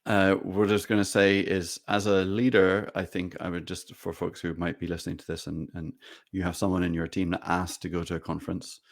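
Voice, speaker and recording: A man co-hosting a podcast, giving relaxed advice to leaders in casual conversation. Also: sits low, brisk, creaky, few pauses. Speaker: podcast co-host.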